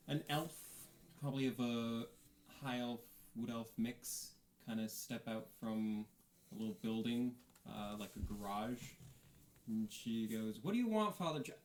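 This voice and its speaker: Slow, hesitant male game master. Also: fairly low pitch, darkish tone, reverberant, a little hiss or hum, low-quality recording. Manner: slow, hesitant, many fillers. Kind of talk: narrating a tabletop game.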